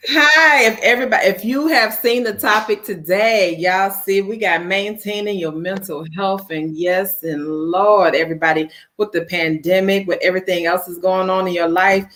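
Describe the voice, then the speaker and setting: A woman from New Orleans co-hosts a relaxed call-in talk show. She talks in a lively, teasing way and draws out her words for fun. Her voice sits at an ordinary middle pitch. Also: moderate pace. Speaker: co-host. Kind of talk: casual radio talk show chat.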